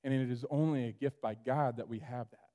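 A man preaching a sermon to his church, animated, acting out the voices of the people in the story. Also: mid-range voice, brisk, long reverb tail. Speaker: pastor.

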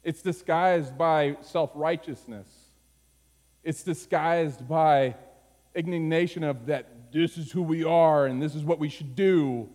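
A man preaching a sermon, moving from low, quiet phrases to high, urgent pleading. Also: slow. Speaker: pastor. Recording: long hall reverb.

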